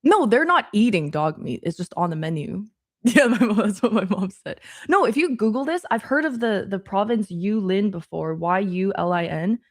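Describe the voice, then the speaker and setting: A woman's voice: mid-range voice, expressive, normal speed. A woman streaming casual chat while studying; she swears often, laughs easily and thinks aloud.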